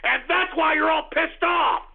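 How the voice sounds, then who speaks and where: A male talk radio host tears into his listeners with a shouting, abrasive rant. His voice sits very high with a gravelly rasp. It comes through thin and tinny, like a phone line. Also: measured pace.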